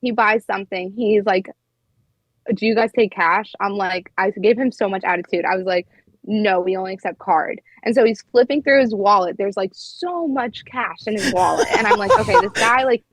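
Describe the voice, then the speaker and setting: A woman's voice: medium pitch, poor audio. A young woman, a flight attendant, telling stories in a casual podcast chat and filling her talk with "like". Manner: chatty, heavy use of "like".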